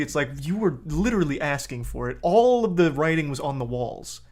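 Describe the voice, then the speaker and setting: A man's voice: on the high side, expressive, a little fast, few pauses, darkish tone. A man streaming live, reacting to a video with blunt, profane commentary that gets heated.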